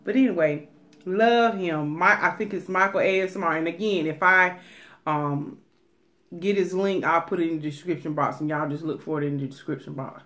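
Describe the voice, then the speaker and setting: A talkative woman chatting to her viewers in a vlog. Her voice sits a little low for a woman. She turns animated and breaks into soft whispers now and then. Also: moderate pace. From Atlanta, USA. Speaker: mukbang vlogger. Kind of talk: casual chat to viewers.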